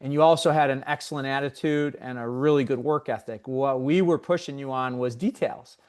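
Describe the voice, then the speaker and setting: A man hosts a video podcast and interviews a former student. He asks his questions in a steady, measured way, in a mid-pitched, even voice. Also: clean tone. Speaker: podcast host, former instructor.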